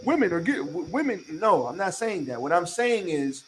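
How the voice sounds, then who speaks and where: A man's voice: high voice, very animated, moderate pace, a crowd in the background, poor audio. A man hosting a podcast in casual chat, talking emphatically with a lot of profanity and repeating his points to lecture his listeners. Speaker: podcast host.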